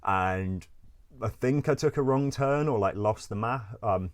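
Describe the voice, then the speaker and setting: A man with a very low, deep voice tells stories in a loose, rambling way. He leans on "like" constantly, swears without a second thought and breaks into laughter as he goes. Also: measured pace. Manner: rambling, full of "like", swears freely, laughs often. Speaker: interview guest. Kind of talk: casual storytelling.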